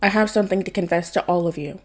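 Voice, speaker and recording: A woman's voice: fairly low pitch, fast, close to an everyday voice. A woman reading the part of a cocky young man who is posing as a masked vigilante, smug and theatrical. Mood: deadpan.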